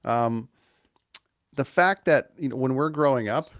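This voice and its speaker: A man's voice: mid-range voice, unhurried, no room sound, studio quality. A man from small-town Ontario hosting an interview podcast. He rambles in a casual way with lots of fillers and restarts. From small-town Ontario, Canada. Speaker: podcast host.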